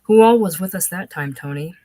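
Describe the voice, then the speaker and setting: A woman reading aloud voicing a loud, rambling middle-aged man telling fishing stories. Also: on the low side, a little fast, close to an everyday voice. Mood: boisterous. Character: boisterous middle-aged male fishing buddy.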